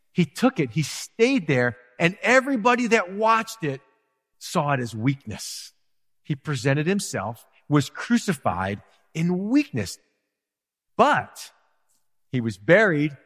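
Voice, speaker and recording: A man preaching a sermon as pastor, animated, acting out quotes and asides to his congregation. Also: sits high, measured pace, in a large hall.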